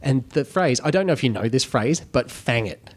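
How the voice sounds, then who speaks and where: A man's voice: medium pitch, expressive, a little fast. An Australian man hosting a casual film discussion, rambling and enthusiastic, often restarting his sentences. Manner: rambling, self-interrupting, enthusiastic. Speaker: host.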